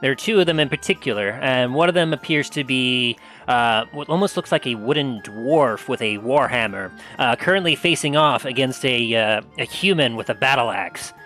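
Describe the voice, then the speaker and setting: A man's voice: mid-range voice, lively intonation, normal speed, hardly any pauses, pushed and bright, soft background music. A man narrating a tabletop game as game master, rambling with many fillers.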